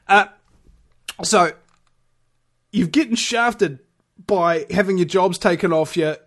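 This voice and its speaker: A man hosting his own radio show, delivering a rambling, heated monologue full of restarts and fillers. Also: high voice. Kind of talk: ranting monologue.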